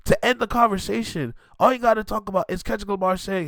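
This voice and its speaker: A man's voice: high-pitched, fast, creaky, few pauses, fairly bright tone, dry recording, clean studio sound. A man hosting a music reaction video, ranting emphatically and in disbelief as he gives his take.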